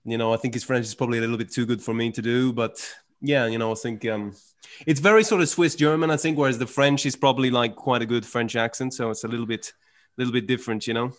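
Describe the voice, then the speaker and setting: A man's voice: mid-range voice, fairly even intonation, fast talker. A young man co-hosting a casual chat, laughing often and trailing off with fillers. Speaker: podcast co-host and impressionist.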